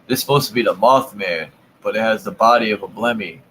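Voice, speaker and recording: A man hosting his channel, giving casual commentary while browsing old maps, with relaxed, amused, slangy asides. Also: lowish voice, fast talker, slight background noise, poor audio. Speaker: channel host.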